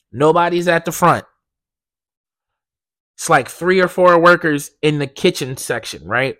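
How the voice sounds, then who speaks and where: A man hosting a casual solo podcast, telling stories in a profane, animated way that swings from loud indignation to low mumbled asides. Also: no room sound. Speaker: podcast host.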